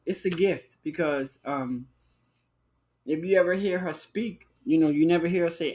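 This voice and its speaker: A man hosting a live-stream talk show, chatting in a sassy, flamboyant way, calling listeners honey and child and breaking into high whoops. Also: moderate pace, a little mellow. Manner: bursts into high whooping exclamations. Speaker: livestream show host. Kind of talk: casual live-stream chat.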